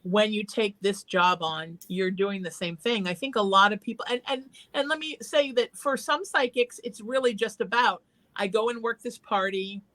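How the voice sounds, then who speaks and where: A woman's voice: mid-range voice, moderate pace, few pauses, a bit bright. A woman hosting a call-in talk show, giving earnest, encouraging advice in a conversational way. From Irish heritage. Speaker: psychic talk show host.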